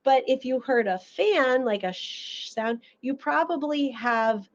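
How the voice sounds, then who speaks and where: A woman audiologist teaches a seminar in a lively storytelling manner, acting out little quotes along the way. Her voice sits fairly high. The recording sounds dull and lo-fi. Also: unhurried. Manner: animated storytelling with acted-out quotes. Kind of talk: educational seminar talk.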